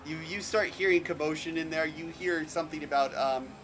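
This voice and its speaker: A man's voice: a little high, brisk, a bit bright, slight background noise, poor audio. A man running a tabletop game as game master, stammering and repeating words as he narrates.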